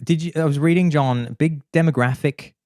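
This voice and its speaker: A man co-hosting a comedy podcast, chatting casually and acting out anecdotes in lively voices. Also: a little high, moderate pace, dry recording, clean studio sound. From Australia. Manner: animated storytelling, acting out voices of others. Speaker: podcast co-host.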